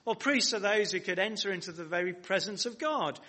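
A man's voice: high voice, animated, fairly quick, bright, forceful tone. A man preaching a sermon to a congregation, building emphasis and asking his listeners rhetorical questions. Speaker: pastor. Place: church hall.

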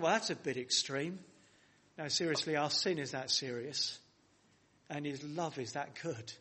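A pastor delivers his sermon in a voice a little higher than most men's. He stresses his points with rising emphasis. He keeps turning to his listeners with rhetorical questions. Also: fairly bright tone. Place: church hall.

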